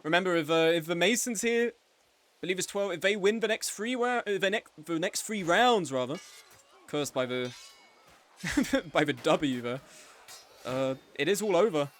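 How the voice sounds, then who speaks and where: A man's voice: sits high, lively intonation, moderate pace, pauses often, a bit bright. A young man giving live, joking play-by-play commentary on a game tournament as the streaming host. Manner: chatty and joking, with frequent laughs.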